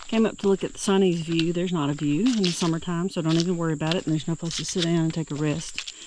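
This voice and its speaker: A hiker talks to a handheld camera in the woods, in a relaxed, rambling way, musing aloud about what comes up along the trail. The voice sits at a middling pitch. Faint insect noise hums behind it. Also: fast talker. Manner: rambling, chatty, thinking aloud. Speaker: hiker vlogger. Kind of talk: casual trail vlog narration. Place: outdoors in the woods by a creek.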